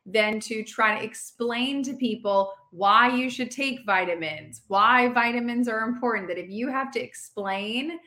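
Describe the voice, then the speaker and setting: A woman's voice: fairly high pitch, a little slow, few pauses, sharp tone. A woman hosting a casual interview chat and explaining her point in a thoughtful way. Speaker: podcast host.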